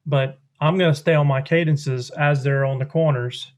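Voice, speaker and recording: A man's voice: on the high side, steady tone, normal speed. A man, explaining duck calling in a drawling, folksy way. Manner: drawling, folksy, mimics duck sounds with his voice. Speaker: duck call maker demonstrating calls. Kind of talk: instructional explanation.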